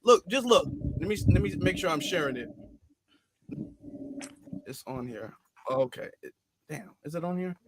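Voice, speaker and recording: A man hosting a casual online talk show, mocking and animated as he comments. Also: a little high, normal speed, long pauses, very noisy. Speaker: podcast host. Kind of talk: casual chat.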